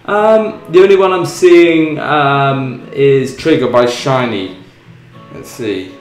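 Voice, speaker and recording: A man's voice: mid-range voice, takes it slowly. A young British man hosting a livestream, chatting casually and rambling with many ums while he cooks. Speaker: livestream host. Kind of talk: casual chat while cooking and reading chat. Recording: roomy echo, faint music behind.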